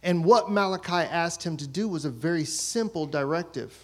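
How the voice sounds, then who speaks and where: Pastor guy in his 30s, kinda high voice, super animated, tells a story about his kids and does their voices. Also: normal speed. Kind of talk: sermon with a personal story.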